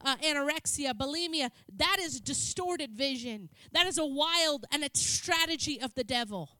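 A woman's voice: high voice, lively intonation, normal speed, bright, forceful tone, no echo. A woman preaching a sermon in a church, chatty and joking with the congregation.

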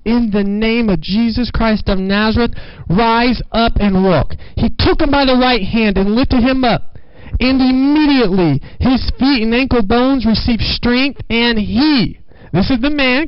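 High-voiced man preaching with fervor. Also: clear, resonant tone, no room sound, lo-fi sound. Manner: preaching with rising fervor, repeating phrases. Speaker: pastor. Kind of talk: sermon.

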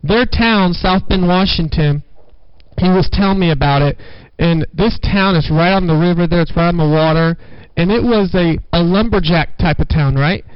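A man's voice: high-pitched, moderate pace, smooth, no room sound, highs cut off. A man preaching a sermon at a church service, fervent and exhorting the congregation with call-and-response.

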